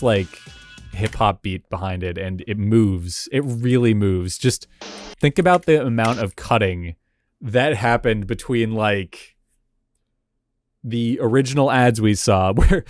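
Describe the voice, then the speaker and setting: A man's voice: lowish voice, a little slow, dry recording, clean studio sound, soft background music. A man hosting a casual reaction video, thinking aloud about old game commercials with chuckles and filler words. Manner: casual and thinking aloud, with frequent "like" and "you know"; chuckles between remarks. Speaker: host. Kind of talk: reacting to and analyzing retro game ads.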